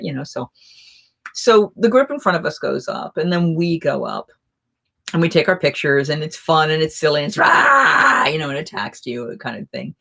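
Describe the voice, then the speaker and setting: A woman hosting a casual live chat, telling rambling, animated anecdotes. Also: low-pitched, moderate pace, creaky.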